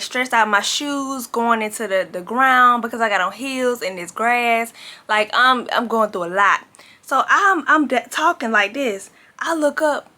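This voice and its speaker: Bright, animated young woman telling a story. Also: fairly high pitch. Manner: animated, dramatic retelling with frequent "like" and "baby". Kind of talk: casual storytime to camera.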